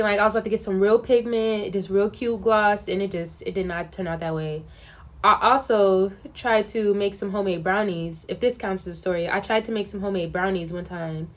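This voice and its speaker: Young woman vlogger, casual and animated storyteller. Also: mid-range voice. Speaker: vlogger answering questions. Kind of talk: casual chat.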